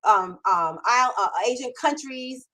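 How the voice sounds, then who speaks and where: A middle-aged woman hosting a live-streamed Q&A, energetic and enthusiastic, repeating words for emphasis. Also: a little high, a little slow, poor audio. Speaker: host. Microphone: camera mic on a livestream.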